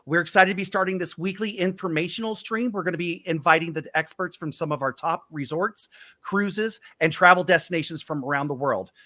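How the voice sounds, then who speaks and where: An upbeat man hosts a casual live stream over a video call and teases his guests playfully. His voice is bright and a little high. The sound is dry and close. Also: brisk, no echo. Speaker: travel agent hosting a live stream.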